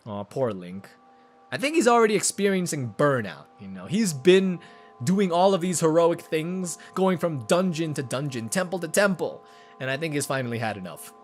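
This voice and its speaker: A man casually commenting over a video game playthrough, chatty and joking with quick asides. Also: on the high side, animated, faint music behind. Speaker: gaming YouTuber. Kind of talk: let's play commentary.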